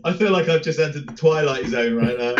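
A male host leading a casual chat, upbeat and quick to laugh. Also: fairly high pitch, slight background noise. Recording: dull lo-fi recording.

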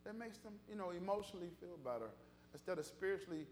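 A man's voice: high-pitched, expressive, fast, darkish tone, a little hiss or hum. A man preaching a sermon as pastor, moving from conversational storytelling to fervent, rising exhortation.

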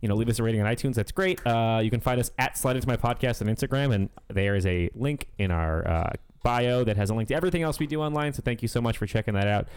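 A man's voice: mid-range voice, quick pace, few pauses, smooth, no room sound. A man co-hosting a podcast in casual, joking chat. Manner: joking and animated. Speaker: podcast co-host.

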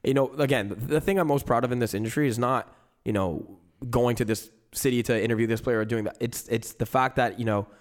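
A man's voice: mid-range voice, a little fast, hardly any pauses. A man speaking as a guest in a casual studio chat, earnest and full of restarts and "you know.". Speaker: guest broadcaster.

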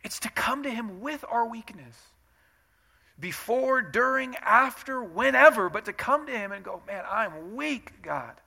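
A man preaching a sermon as a pastor, in a conversational way, acting out prayers and quotes and swinging from hushed to loud and emphatic. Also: extremely high pitch, lively intonation, measured pace, vocal fry.

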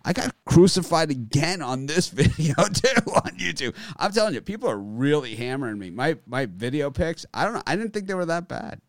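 Podcast host, male, animated ranter, lively pitch, dry recording. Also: a little fast, hardly any pauses, no echo. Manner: animated, laughs a lot, rants. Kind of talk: casual sports betting chat.

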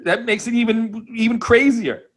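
A man's voice: very high-pitched, moderate pace, slightly rough. A man co-hosting a casual podcast, telling a rambling, self-mocking story and chuckling as he goes. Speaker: podcast co-host.

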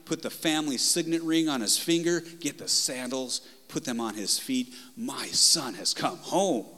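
A preacher voicing a joyful, welcoming father who calls out excited commands to his servants. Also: medium pitch, a little slow, long reverb tail.

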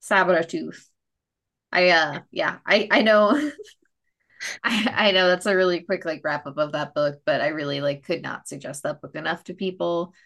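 A woman hosts a laid-back comic book chat, rambling through each issue with casual swearing. Her voice sits low with a gravelly fry. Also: steady tone, normal speed, a bit bright. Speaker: comic book podcast host.

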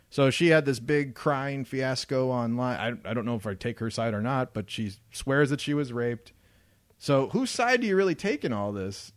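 A man co-hosting a crude, casual podcast, blunt and profane in his wording. His voice sits at an ordinary middle pitch, and he talks in an unhurried drawl. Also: expressive. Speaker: podcast co-host.

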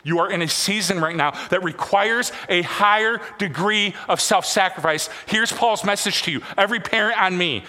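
A high-pitched, bright-toned male pastor delivers a rhythmic sermon, repeating his lines in waves and dropping quiet for emphasis. His voice rings out in a church sanctuary with a long, trailing hall reverb. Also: normal speed, hardly any pauses. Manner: repetitive, rhythmic preaching with sudden soft drops.

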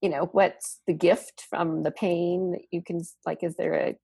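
A woman co-hosting a podcast, talking in a thoughtful, rambling way with many "you know"s and a husky voice. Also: on the low side, little pitch movement, normal speed, mellow, no echo. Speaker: podcast co-host. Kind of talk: casual podcast chat.

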